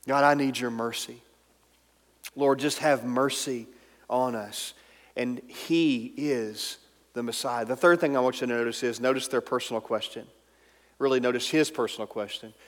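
A pastor preaching a sermon, emphatic and at times dropping to a soft, intimate tone. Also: male voice, mid-range voice, unhurried, pauses often. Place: church sanctuary. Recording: long hall reverb.

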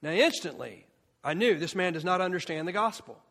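High-voiced preacher in a reverberant hall. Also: male voice, lively intonation, fairly quick, fairly bright tone. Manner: impassioned, with rhetorical questions and repeated phrases. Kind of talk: sermon.

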